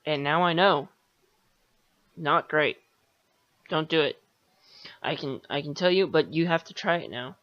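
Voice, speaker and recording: A man's voice: on the high side, a little slow, long pauses, pushed and bright, dry recording, dull audio. A man hosting a solo podcast, rambling and sarcastic, swearing casually and talking with lots of fillers. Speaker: podcast host.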